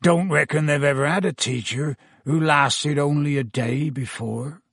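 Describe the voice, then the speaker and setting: A man's voice: high-pitched, sing-song, husky, no echo, studio quality, voice pushed up, full character voice. Hagrid, a man doing a drunk, gloomy giant. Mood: miserable. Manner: slurred, rustic dialect, slow heavy speech. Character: huge, drunk, miserable half-giant gamekeeper.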